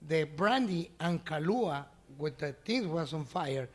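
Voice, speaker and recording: A middle-aged man whose first language is Spanish tells an animated story in broken English. His voice sits a little high for a man, and he laughs often as he acts out what other people said. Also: a little slow. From Mexico. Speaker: restaurant owner. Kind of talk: storytelling in an interview.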